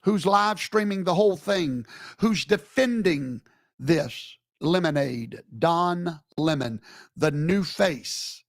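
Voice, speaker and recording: A man's voice: fairly high pitch, expressive, slow, dry recording, clean studio sound. A man giving a live streamed commentary in an emphatic, preacherly way, scolding with rhetorical questions.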